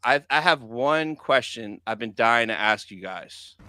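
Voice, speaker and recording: A man's voice: medium pitch, animated, unhurried, bright, forceful tone, a little hiss or hum. A man co-hosting a casual live stream, upbeat and reading the chat aloud. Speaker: co-host.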